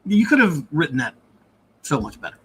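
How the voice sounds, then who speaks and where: A man hosts a review podcast and talks in a relaxed, wry way. His voice sits a little higher than most men's, and his sentences tend to trail off into mutters. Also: fairly quick, husky. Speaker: podcast host. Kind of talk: casual review chat.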